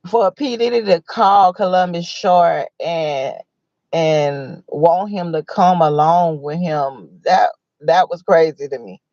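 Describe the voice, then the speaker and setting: A livestream host talking in a slow, unhurried way, animated and exclamatory, breaking into laughter as they retell what others said. The voice is mid-pitched and sits dry and close, with a slightly dull, lo-fi sound. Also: no echo. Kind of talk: casual livestream commentary.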